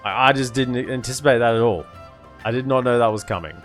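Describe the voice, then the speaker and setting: A man's voice: mid-range voice, fast talker, fairly bright tone. A man giving casual live commentary on a strategy game, chatty, repeating himself and giving orders to his units. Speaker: game streamer. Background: game music.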